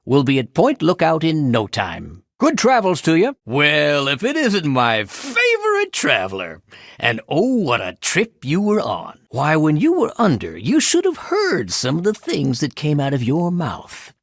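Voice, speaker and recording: A gravelly game ferryman with a wry salesman's patter, his pitch swooping widely from low mutters to high yells. The voice is close and dry, with no room around it. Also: huge pitch swings, unhurried, no room sound, heavily acted. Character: gruff male ferryman, wry salesman and fighter. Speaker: ferry captain in a video game. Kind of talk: video game voice lines. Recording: dry close studio recording.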